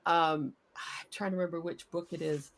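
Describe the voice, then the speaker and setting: A woman's voice: fairly low pitch, fairly even intonation, normal speed, gravelly. A woman on a panel telling an anecdote in casual chat, chatty and swearing, with many "you know" fillers.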